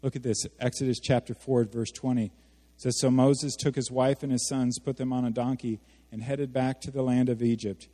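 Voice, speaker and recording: A man preaching a sermon as a pastor, animated, asking his congregation questions and acting out the quotes he reads. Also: medium pitch, moderate pace, few pauses. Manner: animated, asks the audience questions, acts out quotes. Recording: hall reverb.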